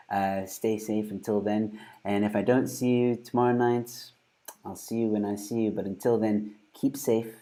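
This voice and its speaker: A man's voice: fairly low pitch, dark tone. A man, hosting and signing off his show in an upbeat way with many fillers. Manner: upbeat, filler-heavy presenter talk. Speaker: host. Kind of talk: interview wrap-up and sign-off.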